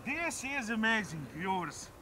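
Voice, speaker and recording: A man's voice: sits high, sing-song, measured pace, pushed and bright, slight background noise. A man hosting a radio-control flying video outdoors, exclaiming, repeating himself and tagging lines with "eh?" as he flies a model jet. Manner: exclaims, repeats words, tags "eh?". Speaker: RC pilot and channel host. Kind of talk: excited outdoor flying commentary. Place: open field outdoors.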